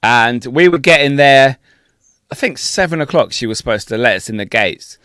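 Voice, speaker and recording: A man co-hosting a podcast, telling a travel story in a sweary, laughing, animated way. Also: mid-range voice, moderate pace, clean tone, dry recording, studio quality. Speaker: podcast co-host. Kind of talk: casual storytelling chat.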